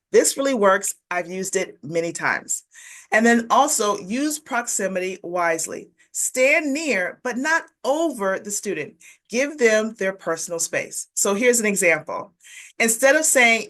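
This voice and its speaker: Woman, behavior strategist, mid-pitched, upbeat and encouraging, speaks straight to the viewer. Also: a bit bright. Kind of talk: direct-to-camera teaching tips.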